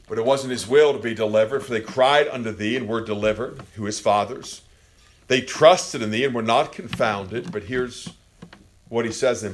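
A man preaching a sermon with passion, swinging from quiet, low passages to loud, near-shouted peaks. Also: normal speed, a little hiss or hum.

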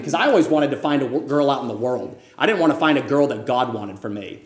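A man preaching a fervent sermon, firing questions at his listeners and rising to loud cries. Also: medium pitch, animated, fast, echoey room.

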